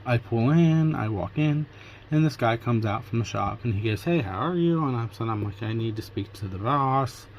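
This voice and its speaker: In his relaxed vlog, a man from Pennsylvania, USA, tells the story of his day by replaying its exchanges line by line. His mid-range voice moves at normal speed over a slight hiss or hum.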